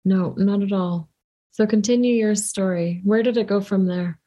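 A woman's voice: medium pitch, steady tone, moderate pace, dark tone. A woman hosting an interview, chiming in with supportive, affirming remarks. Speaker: podcast host. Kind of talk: interview chat.

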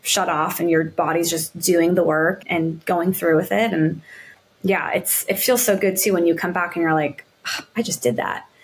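A woman's voice: on the low side, normal speed. Upbeat woman guest on a podcast. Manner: relaxed and upbeat, many fillers. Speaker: podcast guest, marathon runner and yoga instructor. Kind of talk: casual interview chat.

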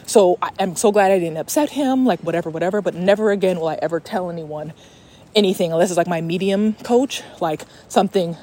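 A young woman hosting a podcast, telling a personal story in a casual, animated way while walking outdoors. She swears freely and often restarts her sentences. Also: fairly low pitch, fairly quick. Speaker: podcast host.

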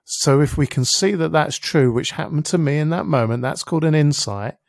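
A man's voice: fairly high pitch, a little fast, gravelly, dry recording, studio quality. A middle-aged man, a podcast guest, telling a personal story vividly and acting out his own inner voice, with casual swearing. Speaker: interview guest, helps people with their thinking. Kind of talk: reflective storytelling in a podcast conversation.

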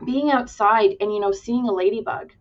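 A woman guest who works as an early-childhood educator chats casually and animatedly about classroom stories, acting out quotes as she goes. Her voice is fairly high with a moderate pace, and the remote audio is dull and lo-fi.

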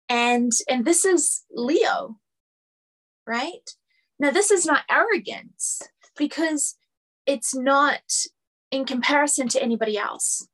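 A high-pitched woman, a spiritual teacher, delivers a lecture earnestly, building each point through repeated phrases.

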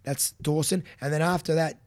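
A man's voice: a little high, fairly even intonation, normal speed, a little mellow, no echo, clean studio sound. An Australian man co-hosting a running podcast, chatting casually and teasing his co-host. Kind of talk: casual chat.

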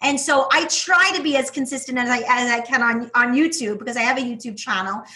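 A woman with a New York accent speaks as an interview guest. Her voice sits high and sounds bright. She talks with enthusiasm and emphasis. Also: a little fast. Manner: enthusiastic, emphatic, laughs often. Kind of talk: casual interview talk.

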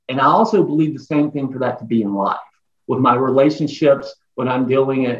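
A man guesting on a podcast interview, explaining his ideas earnestly and listing them in emphatic runs. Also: mid-range voice. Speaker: guest author. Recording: echoey, dull lo-fi remote audio.

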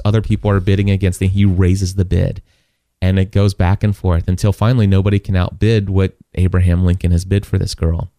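A man's voice: deep voice, warm tone, no echo, clean studio sound. A man in a casual faith talk, repeating and restarting words as he tells a story and acts out the people in it. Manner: halting, repeats words, voices people in his stories.

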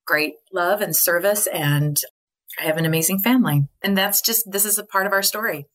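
A woman's voice: mid-range voice, fairly quick. A woman guest telling personal stories in an earnest, chatty way, full of likes and you knows, often breaking into laughter. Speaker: podcast guest. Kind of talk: candid conversational storytelling.

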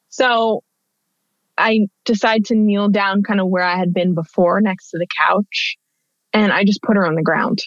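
With a lowish voice, a woman in her thirties guests on an interview and chats her way through a personal anecdote, often using fillers and starting over. The audio carries no echo and is dull, dry, and lo-fi.

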